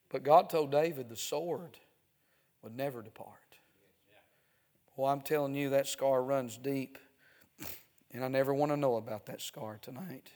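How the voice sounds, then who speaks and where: A male preacher delivering a sermon, dropping to near hushes and then building to loud, emphatic stretches punctuated with "Amen.". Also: medium pitch. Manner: swings from hushed to shouting, repeats "Amen".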